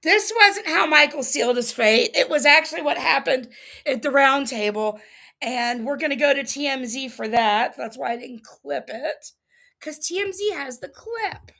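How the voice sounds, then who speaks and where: A woman hosting a casual livestream recap, reading quotes aloud with animated emphasis and laughing often. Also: high-pitched, normal speed, vocal fry. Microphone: streaming setup mic.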